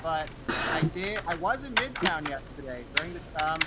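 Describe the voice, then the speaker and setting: A young man co-hosting a casual podcast, talking haltingly with many fillers while he plays a game. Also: a little high, very animated, very noisy. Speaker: podcast co-host. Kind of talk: casual chat while gaming.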